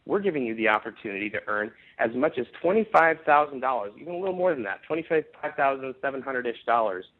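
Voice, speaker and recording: A man leading a network marketing conference call, giving an upbeat, emphatic sales pitch with frequent restarts. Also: expressive, fast talker. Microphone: phone conference call. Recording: tinny phone line.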